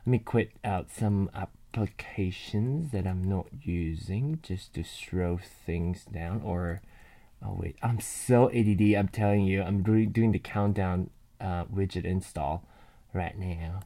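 A man's voice: low-pitched, takes it slowly, dark tone. A man chatting and rambling live from his bed into a binaural mic, laughing often and swearing casually. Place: bedroom, in bed. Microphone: binaural mic on a computer.

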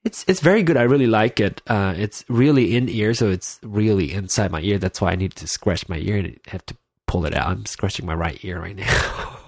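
A man's voice: on the low side, no echo, clean studio sound. A man hosting his own podcast in casual solo talk, his nose stuffed up, rambling and often losing his train of thought. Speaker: podcast host. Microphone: in-ear headphones with mic.

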